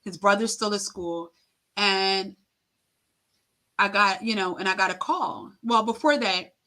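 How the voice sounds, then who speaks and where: As a guest in an interview, a middle-aged woman shares a moving personal story in halting speech, leaning on fillers and voicing quotes dramatically. She has a sharp-toned, mid-range voice.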